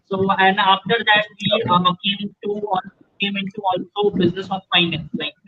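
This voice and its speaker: A man speaking with an Indian English accent as a guest speaker in a webinar for students, talking haltingly with many fillers and restarts, often checking in with "okay". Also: sits high, expressive. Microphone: video call. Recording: muffled lo-fi call audio.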